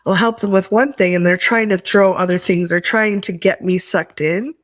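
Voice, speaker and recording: A woman speaking in a soft, reflective, halting way in a workshop, sharing her experience and calling out tapping points. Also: medium pitch, steady tone, no room sound, clean studio sound. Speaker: workshop participant.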